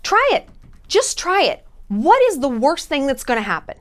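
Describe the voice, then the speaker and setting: A woman's voice: high voice, very animated, normal speed. A woman travel vlogger giving casual advice in a blunt, jokey, sometimes profane way.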